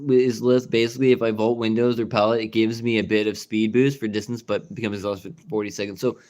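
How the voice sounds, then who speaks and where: A man's voice: on the low side, little pitch movement, fast, darkish tone. A man streaming a casual chat from home, rambling with fillers and restarts and swearing now and then. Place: at home indoors.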